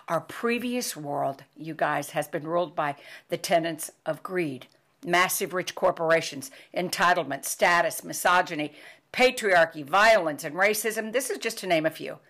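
An older American woman hosting a podcast, speaking in an emotional, pleading monologue that swings from loud emphasis to hushed near-whispers. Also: fairly low pitch. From United States. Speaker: podcast host.

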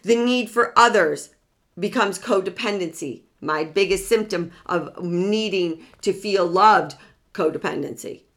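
A woman gives a self-help motivational talk to an audience in a medium-pitched, fairly bright voice, speaking a little slowly. Earnest and direct, she returns to key words again and again and keeps asking questions that she then answers herself.

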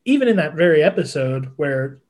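Man, podcast co-host, slightly high voice, rambling with fillers. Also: very animated, a little fast, a little mellow. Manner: rambling, many fillers and laughs. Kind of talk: casual chat.

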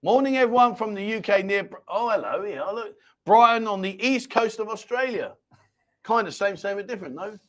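High-ish voiced guy rambling and joking on a live chat stream, small home studio. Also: lively intonation, a little fast, fairly bright tone. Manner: jokey and rambling, reads viewer comments aloud. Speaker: host.

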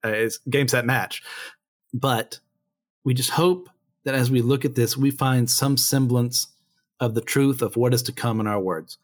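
A man's voice: medium pitch, a little slow. A man hosting a Bible study, reading scripture aloud and then commenting on it in a loose, conversational way with many fillers and asides.

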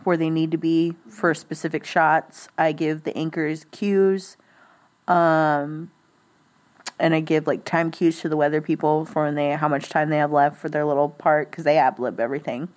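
Young woman, low pitch, casual rambling chat, guest. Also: fairly even intonation, moderate pace, a little mellow. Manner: rambling, chatty, laughs at her own jokes.

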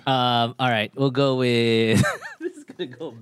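A man's voice: mid-range voice, huge pitch swings, very noisy. A man in a casual group chat during a truth or dare game, joking and teasing. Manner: joking, teasing, drawn-out delivery.

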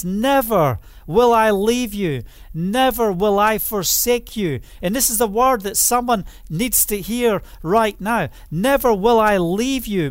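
A man preaching a sermon in an earnest way, building up to loud declarations. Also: high voice, dry recording, studio quality.

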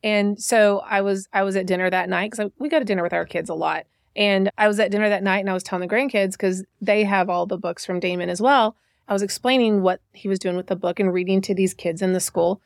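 A woman's voice: mid-range voice, fairly even intonation, fast talker, creaky, dry recording, clean studio sound. Chatty middle-aged woman telling stories. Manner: chatty storyteller, many restarts. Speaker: podcast guest. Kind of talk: casual conversation.

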